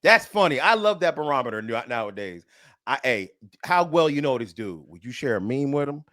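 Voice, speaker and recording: A man hosting a comedic radio talk show, reacting quickly and laughing often with his guests. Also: mid-range voice, very animated, fairly bright tone, no echo, studio quality.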